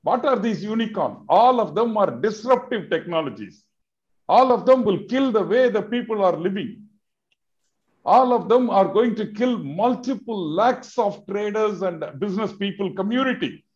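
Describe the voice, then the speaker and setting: A high-voiced man with an Indian English accent argues with passion, pressing his points through repeated rhetorical questions that climb to loud peaks. The sound is dull and lo-fi. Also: expressive, moderate pace. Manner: emphatic, rhetorical questions, rising to loud outbursts. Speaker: business advocate in a televised discussion. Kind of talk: impassioned discussion.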